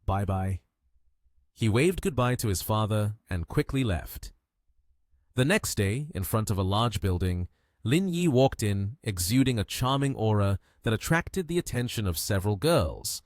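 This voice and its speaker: A man narrates a comic story recap in a steady, scripted way. His pitch moves in a lively way, and the recording is dry and close. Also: normal speed, no room sound.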